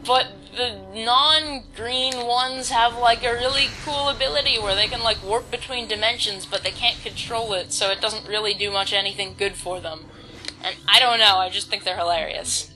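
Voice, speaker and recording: Woman, let's-play commentary, bright tone, rambling and self-mocking, faint game music behind. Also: mid-range voice, normal speed, low-quality recording. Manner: rambling, self-deprecating, reads game text aloud. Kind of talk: casual gameplay commentary.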